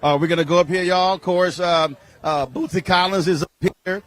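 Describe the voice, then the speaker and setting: A man's voice: sits high, fairly even intonation, a little fast, a bit bright. A man interviewing people outdoors at a crowded street event, talking in a breezy, upbeat and colloquial way. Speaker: event reporter. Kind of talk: roving interview.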